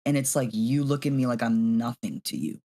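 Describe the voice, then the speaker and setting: Young guy cohosting a pod, rambling stories, swears a lot, mid pitch. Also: a little fast. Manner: animated storytelling, heavy "like" and swearing. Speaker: podcast co-host. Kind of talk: casual chat.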